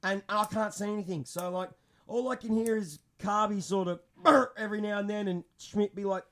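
A young man telling a story in casual podcast chat, animated and swearing constantly. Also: high voice, normal speed. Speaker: podcast co-host.

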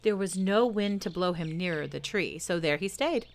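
A woman reading a children's story aloud in a soft, gentle storytelling voice, addressing the listener. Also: lowish voice, expressive, moderate pace.

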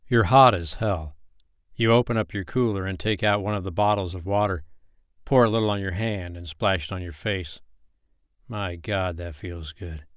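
Low-voiced man narrating a story. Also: dry recording, studio quality. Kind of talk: second-person story narration.

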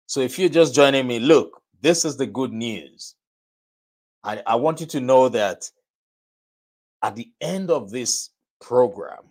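A man hosts a live broadcast in a motivational tone, taking his time over every phrase. His voice sits at a middle pitch, and he repeats key lines so they land. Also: husky. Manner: slow, deliberate and repetitive, stresses key phrases. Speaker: host of a live broadcast and podcast. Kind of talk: motivational talk to a live audience.

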